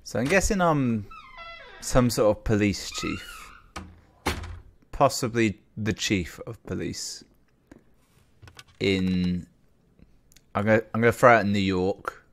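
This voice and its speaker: A man's voice: fairly low pitch, wildly swooping pitch, takes it slowly, long pauses. A man giving casual, dry and sarcastic commentary while playing a game. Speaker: let's play commentator.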